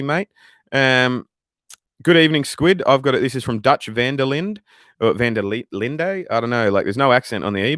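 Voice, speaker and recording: A man's voice: lowish voice, fairly bright tone, clear, resonant tone, no echo, studio quality. A man with an Australian accent hosting a casual Q&A, answering viewer questions in a rambling, profane way with frequent restarts. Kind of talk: casual livestream Q&A. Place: room with racing posters on the wall.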